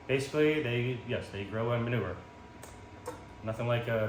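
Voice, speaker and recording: This vlogger has a medium-pitched voice with lively intonation and a moderate pace, chatting loosely while cooking in his kitchen. He rambles, says um a lot, and pokes fun at himself; the phone recording, shot in portrait, picks up room echo and background noise.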